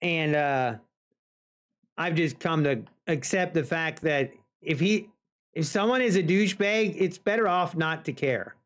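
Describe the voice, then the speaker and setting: A man's voice: fairly high pitch, fairly bright tone. A man live-streaming futures trading, chatting casually with viewers and talking to the market. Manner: talks to the market and chat, drawn-out pauses.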